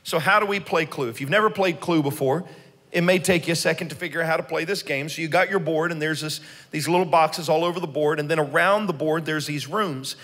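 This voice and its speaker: A man preaching a sermon as pastor, telling stories in an animated way and leading the congregation in call-and-response. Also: fairly high pitch, brisk. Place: church sanctuary. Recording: long hall reverb.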